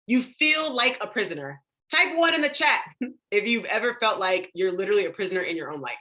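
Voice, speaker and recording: A young woman leads a live motivational session on confidence, speaking straight to her online audience. Her voice is bright and clear, and she acts out inner voices with sudden high, lively pitch. On heavy words she drops low and quiet. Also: brisk. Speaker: confidence coach.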